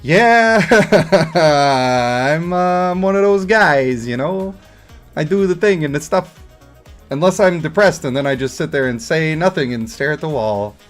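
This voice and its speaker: Male streamer, casual game commentary, crude jokes and frequent laughs, slightly high voice, faint music under. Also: lively intonation, a little slow. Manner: jokey, crude, laughs often.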